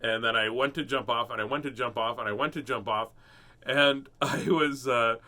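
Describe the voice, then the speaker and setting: A middle-aged man casually telling a personal story and then reading a picture book aloud, animated and chuckling often. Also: mid-range voice, moderate pace. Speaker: host reading children's books.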